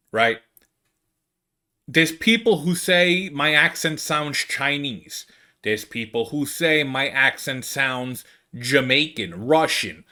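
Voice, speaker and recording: With a bright, forceful, slightly high voice, this Brooklyn-accented American comedian hosts a podcast, rambling through a casual comedy monologue. He sounds exasperated and restarts often.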